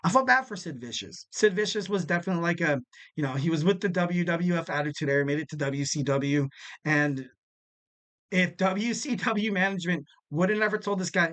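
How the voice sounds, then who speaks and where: Male podcast host, slightly high voice, loose rambling chat, acts out quotes. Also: brisk, fairly bright tone. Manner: rambling, full of fillers and restarts.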